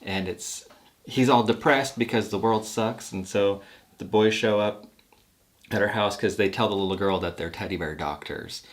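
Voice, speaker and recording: Male guest, lowish voice, relaxed storyteller who laughs easily. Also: normal speed. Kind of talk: casual chat about a TV show.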